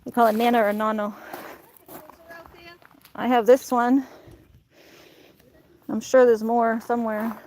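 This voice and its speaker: A woman's voice: a little high, flat delivery, unhurried, pauses often, darkish tone, a little hiss or hum. A woman chatting casually in her outdoor garden on a farm, rambling and laughing often. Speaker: vlogger. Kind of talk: casual chat.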